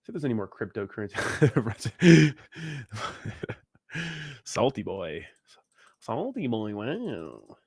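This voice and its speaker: A man's voice: mid-range voice, big pitch swings, slow pace, pauses often, a little mellow, breathy edge, no echo, studio quality. A young man from Southern California hosting a crypto livestream, chatting casually and crudely, joking and laughing as he reads viewer comments.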